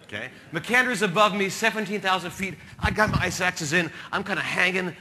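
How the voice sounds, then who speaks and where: Male keynote speaker, comic storyteller, highish lively voice, light background noise. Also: a little fast. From New Jersey. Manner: animated, comic storytelling with sudden loud bursts.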